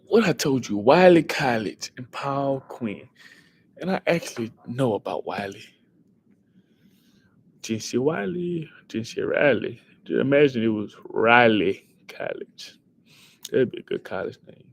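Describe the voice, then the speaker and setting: Young male livestream host, casual, excitable, thinks out loud, chats with viewers, mid-range voice, faint background noise. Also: medium pitch, measured pace, creaky. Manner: excitable, thinks aloud and talks back to chat. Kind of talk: casual livestream chat answering quiz questions.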